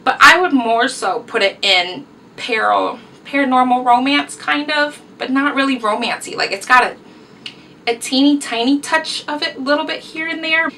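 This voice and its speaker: Girl rambling about books she loved, high voice, mic kinda far. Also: normal speed, sharp tone, a little hiss or hum. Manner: chatty, rambling, enthusiastic. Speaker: book vlogger. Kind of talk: casual book review vlog.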